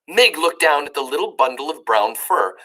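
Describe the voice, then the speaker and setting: A woman reading a children's book aloud, pausing to explain words to young listeners. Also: low-pitched, lively intonation, fairly bright tone, husky.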